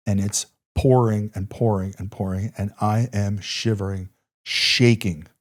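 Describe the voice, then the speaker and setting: A man's voice: on the low side, a little mellow. A middle-aged man, a former soldier, telling a war story in a podcast interview with intense, emphatic delivery and blunt swearing. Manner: intense, emphatic, repeats phrases, swears freely. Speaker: podcast guest, former Army Ranger.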